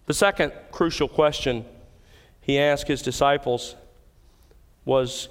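A man's voice: medium pitch, steady tone, slow pace, long pauses. A man preaching an expository sermon as pastor, stressing key words with emphasis. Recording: hall with long reverb.

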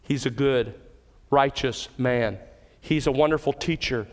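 A man's voice: medium pitch, a little slow. A man preaching an expository sermon as pastor, stressing key words with emphasis. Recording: hall with long reverb.

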